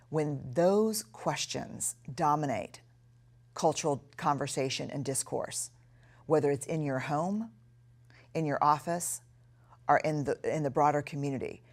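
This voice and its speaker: In a recorded lesson, a middle-aged woman instructor speaks in a notably low voice. Her manner is earnest and reflective, and she slows right down to stress key words.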